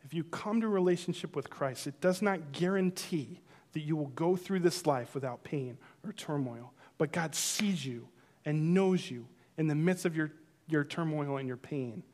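A man's voice: fairly high pitch, normal speed, a little mellow. A man preaching a sermon, telling a personal story and acting out his own reactions. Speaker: pastor.

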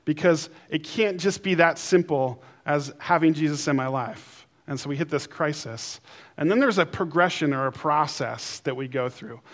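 Storytelling male pastor, fairly high voice. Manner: storytelling with playful put-on voices, then slowing and softening for emphasis. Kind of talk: sermon.

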